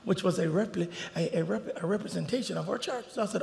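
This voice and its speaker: High-voiced preaching man, gravelly. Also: fast, big-room sound, a little hiss or hum. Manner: swings from hushed storytelling to shouted preaching. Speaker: pastor. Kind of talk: sermon. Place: church sanctuary.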